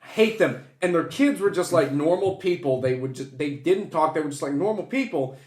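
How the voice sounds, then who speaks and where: A man's voice: a little high, fairly quick. Young guy rambling through a wild story, swearing a lot, bit of room echo. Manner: animated, swearing, acts out voices in anecdotes. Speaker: co-host. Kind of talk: casual storytelling chat. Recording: echoey room.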